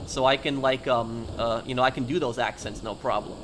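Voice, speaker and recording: A man's voice: mid-range voice, fairly even intonation, fairly quick, fairly bright tone, a little hiss or hum. A man chatting casually on a live game stream, talking straight to his viewers and answering them.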